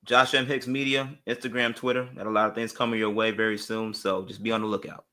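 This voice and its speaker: Man guest on a sports show, bright and sharp tone, opinionated, quick to make his point. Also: on the low side, flat delivery. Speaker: guest analyst. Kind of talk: casual sports talk.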